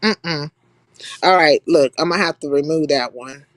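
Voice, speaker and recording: A woman's voice: deep voice, a little slow, no room sound. A young woman from California hosting a live stream in blunt, profane, casual chat, laughing often. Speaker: livestream host.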